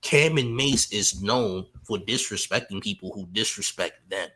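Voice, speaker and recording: Male streamer, lowish bright voice, teasing and mocking commentary over faint music. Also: a little slow, slightly rough. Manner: teasing, trash-talking chat. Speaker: livestream host. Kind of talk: casual livestream commentary.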